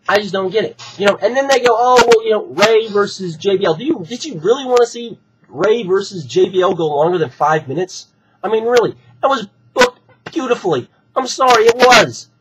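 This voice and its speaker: A hoarse man, still recovering from being sick, ranting heatedly and with plenty of swearing in an opinion vlog. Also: sits high, lively intonation, normal speed, very noisy. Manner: heated, profane, repetitive ranting. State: hoarse from recent illness. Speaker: wrestling fan vlogger. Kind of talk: opinion rant to camera.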